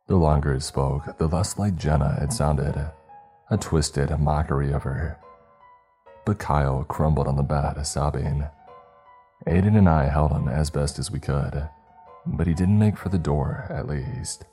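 A man narrating a scary story in a slow, hushed, dramatic reading. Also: a bass voice, husky. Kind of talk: scripted horror narration. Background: faint music.

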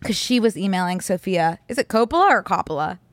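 A woman's voice: medium pitch, animated, quick pace, dry recording. A young adult woman co-hosting a podcast in casual chat, telling stories with lots of "like" fillers. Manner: chatty, filler-heavy storytelling with lots of "like". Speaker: podcast co-host.

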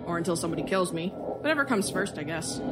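A woman's voice: fairly low pitch, animated, fast, close to an everyday voice. Actress as breezy sadistic killer, casual and mocking, horror audio drama, music under her. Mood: cool. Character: gleeful cruel female serial killer, young adult.

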